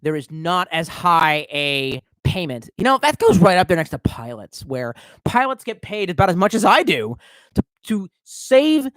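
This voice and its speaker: A man's voice: high-pitched, very animated, moderate pace, fairly bright tone, no echo. Tipsy, swearing male streamer. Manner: profane, rambling, swerving between mumbles and outbursts. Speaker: streamer reading chat. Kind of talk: casual live-stream chat.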